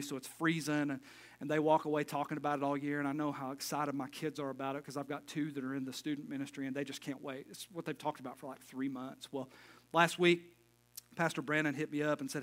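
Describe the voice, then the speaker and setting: A middle-aged man preaches a relaxed, folksy sermon as pastor. He jokes with the congregation between his points. His voice sits a little high and sounds bright and clear. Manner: folksy, joking asides, casual sermon talk.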